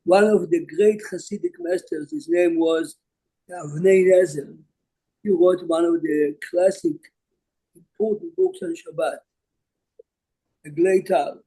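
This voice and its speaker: A man's voice: high voice, lively intonation, takes it slowly, long pauses, dark tone, poor audio. An older man from Jerusalem, a rabbi teaching an online class and telling stories in English sprinkled with Hebrew terms.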